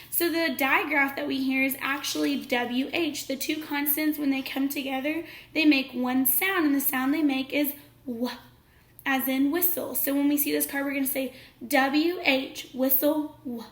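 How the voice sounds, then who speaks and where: A woman teacher giving a phonics lesson to young children, speaking slowly and clearly with encouraging praise. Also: high voice, roomy sound. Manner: slow, clear, encouraging classroom delivery.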